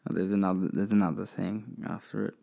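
A man's voice: sits low, fairly even intonation, fast talker, gravelly, mellow. An Australian man hosting a podcast, answering listener questions in rambling, profane casual chat that keeps correcting itself. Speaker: podcast host.

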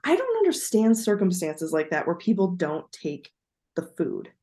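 A woman's voice: on the low side, wildly swooping pitch, moderate pace, warm tone. A woman co-hosting a podcast in casual chat, talking in a chatty, digressive way and laughing easily. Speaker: podcast co-host.

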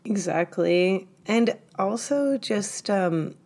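Slow, gravelly-voiced woman podcaster. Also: medium pitch, expressive, darkish tone. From upstate New York. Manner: laid-back, giggly, swears casually. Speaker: podcast co-host. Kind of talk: casual chat.

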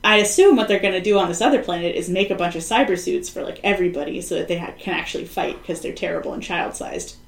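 A woman's voice: lowish voice, fast, vocal fry, hardly any pauses, reverberant. A woman co-hosting a podcast in casual chat, rambling and sardonic, often acting out the people she quotes. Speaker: podcast co-host.

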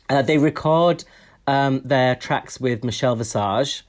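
A man co-hosting a podcast in casual, self-mocking, expressive chat. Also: mid-range voice, slow. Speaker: podcast co-host.

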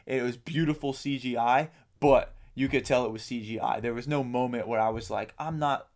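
A man's voice: medium pitch, level tone, brisk, darkish tone. A man co-hosting a podcast, talking casually in a rambling way, with lots of ums and casual swearing. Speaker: podcast co-host. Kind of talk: casual chat.

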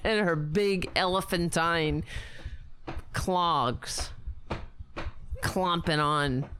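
A woman hosting a casual livestream, telling stories in an animated way and acting out other people's voices. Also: on the low side, extremely slow, slight background noise. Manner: animated storytelling, mimics voices. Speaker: host. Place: New York.

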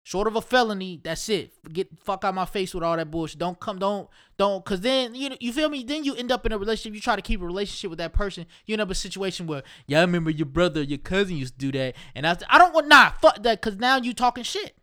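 High-voiced profane man ranting. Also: animated, quick pace, few pauses, sharp tone. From Ohio. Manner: profane, emphatic, repeats himself. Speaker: solo commentator. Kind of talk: casual rant monologue.

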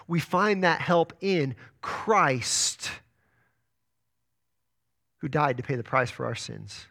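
A man's voice: fairly high pitch, lively intonation, slow, creaky, long pauses. Man preaching with swelling intensity. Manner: earnest preaching with sharp rises and soft drops; stumbles and restarts words. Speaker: pastor. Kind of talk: sermon.

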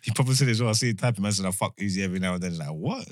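Low-voiced, fast-talking young man. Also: no echo, clean studio sound. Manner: slangy, laughing, rambling. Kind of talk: casual banter.

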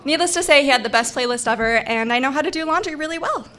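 A young woman telling a funny personal story on stage, animated and laughing, acting out the voices of the people in it. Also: high voice, quick pace, noisy background. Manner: animated, acts out quoted voices, laughs often.

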